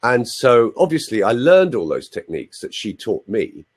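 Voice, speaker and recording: A man's voice: medium pitch, big pitch swings, moderate pace, breathy edge. A man in his sixties with an English accent, a voice coach telling stories in a playful, chatty way with asides to his audience, heard over a video call. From London, England. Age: 60s. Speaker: voice coach, interview guest. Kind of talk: anecdotal interview storytelling. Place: live online video chat room.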